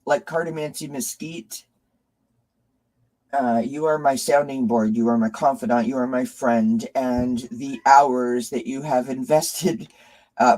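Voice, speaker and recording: A man's voice: medium pitch, mellow, rough recording. A man hosting a live tarot stream, emotionally thanking his viewers and reading their comments. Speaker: tarot reader and channel host.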